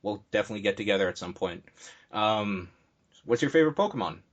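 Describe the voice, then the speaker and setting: A man's voice: on the low side, lively intonation, fast talker, muffled recording. A man hosting a casual podcast, blunt and joking, swearing freely. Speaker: podcast host.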